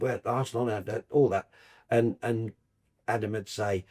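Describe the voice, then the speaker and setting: An older man from Birmingham, England, a football broadcaster telling lively anecdotes in a podcast chat and acting out the people in his stories. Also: fairly low pitch, fast talker. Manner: animated storyteller, acts out voices in his tales.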